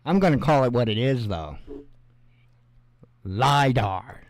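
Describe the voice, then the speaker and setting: A man's voice: mid-range voice, big pitch swings, fast talker, darkish tone, dry recording. A male host giving rambling, sarcastic commentary on the news, with mocking asides.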